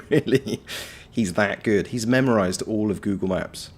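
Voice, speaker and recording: A man's voice: fairly low pitch, moderate pace, a little mellow, husky. A man chatting casually on a game livestream, reading out his chat with wry, playful banter. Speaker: game streamer.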